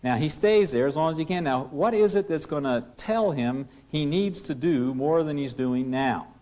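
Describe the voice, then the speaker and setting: A man lecturing pilots as a flight instructor, emphatic, asking rhetorical questions and dropping his voice low for key points. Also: moderate pace, a little mellow. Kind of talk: classroom lecture.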